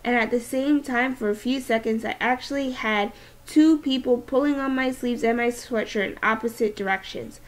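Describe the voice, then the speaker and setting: A woman teacher reading a novel aloud, expressive and with small restarts. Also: on the high side, moderate pace.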